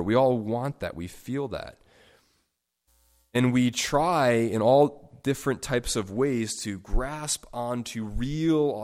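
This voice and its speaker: A man preaching a sermon, stressing words by stacking them and swinging sharply between soft and loud. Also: on the low side. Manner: emphatic, with sharp swings in loudness. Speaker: pastor.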